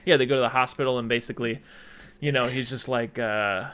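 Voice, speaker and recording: A man's voice: medium pitch, steady tone, brisk, fairly bright tone, smooth. A young man hosting a casual podcast chat about movies, rambling through scenes and acting out the lines. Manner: rambling retelling with acted-out quotes. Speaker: podcast host.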